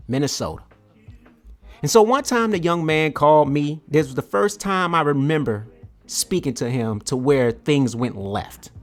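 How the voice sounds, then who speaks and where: A man hosting a podcast, telling a story in a casual, animated way and repeating words as he gets going. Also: mid-range voice. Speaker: podcast host.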